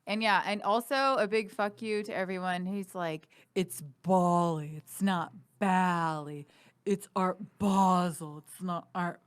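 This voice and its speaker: A woman's voice: mid-range voice, fairly even intonation, normal speed, few pauses, fairly bright tone, smooth. A young woman hosting a casual podcast chat, talkative, laughing often and swearing freely. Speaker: podcast host.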